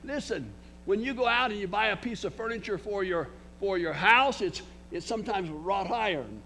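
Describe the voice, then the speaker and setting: A man's voice: high voice, lively intonation, normal speed, pushed and bright, slight background noise. An older man preaching a sermon, emphatic, with frequent restarts and words spelled out for emphasis.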